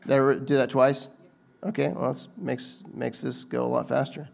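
A man's voice: mid-range voice, level tone, moderate pace, creaky. A man giving a casual, conversational sermon, talking informally with frequent restarts and asides to the audience. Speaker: preacher.

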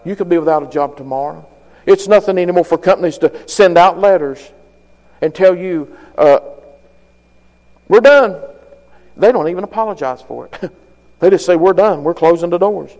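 A man delivers a fervent sermon in a high voice, folksy and plain-spoken. He swells louder and higher on the key phrases. The sound carries a long hall reverb. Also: normal speed, pauses often. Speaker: preacher.

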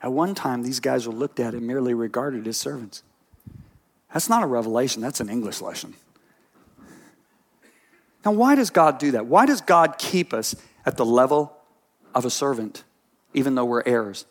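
A man preaching a sermon as pastor, telling stories in an animated way that swings between quiet asides and emphatic points. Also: mid-range voice, normal speed, pauses often.

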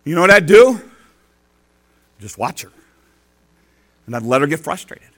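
A grandfather who pastors offers a folksy sermon built on homely anecdotes, voicing quoted lines with wide changes in loudness. His fairly high voice has a sing-song quality and moves a little slowly.

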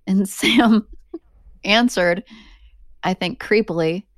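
A woman hosting a podcast, telling an eerie story in a casual, animated way with laughing asides. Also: medium pitch, takes it slowly, vocal fry, pauses often, no room sound, clean studio sound. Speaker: podcast host.

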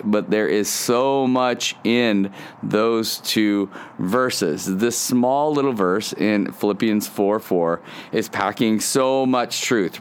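A man hosting a weekly devotional podcast, talking in a relaxed, conversational way with frequent fillers and restarts. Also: on the low side, clean tone. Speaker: podcast host.

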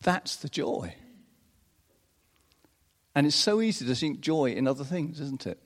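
Guy giving a sermon, real slow and expressive, little chuckles here and there, long echo off a big hall. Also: a little high. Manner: unhurried and expressive, chuckling often between phrases. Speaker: preacher. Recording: long reverb of a large hall.

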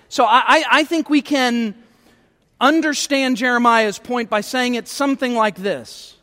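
A man's voice: very high-pitched, lively intonation, normal speed, bright, forceful tone, long reverb tail. A male pastor preaching a sermon, emphatic and repeating words as he starts phrases.

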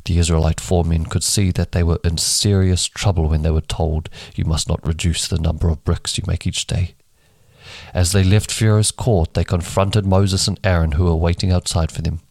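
A man's voice: sits low, steady tone, moderate pace, a little mellow, no echo. A man reading scripture aloud for a daily Bible podcast, giving each speaker a different voice for dialogue. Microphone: home microphone that keeps dropping.

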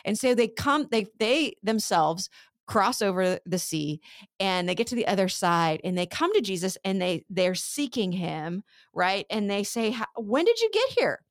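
Woman doing a bible lesson, chatty and relaxed, retells stories like she's just talking, dry close sound. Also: mid-range voice, measured pace, no room sound. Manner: conversational, retells scripture scenes in lively everyday speech. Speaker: Bible teacher.

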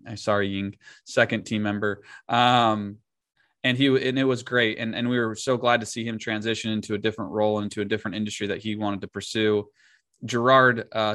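A man's voice: on the low side, fairly bright tone, no echo, clean studio sound. A man co-hosting a podcast, telling casual stories and often laughing as he talks. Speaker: podcast co-host. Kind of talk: casual chat.

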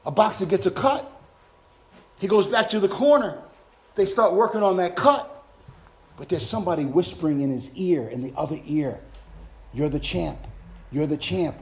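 A man delivering a sermon in a high voice. He drops to a hush for tender passages, then climbs and shouts at the peaks. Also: normal speed, pauses often. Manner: swings from soft hushed lines to loud shouted climaxes. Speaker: preacher.

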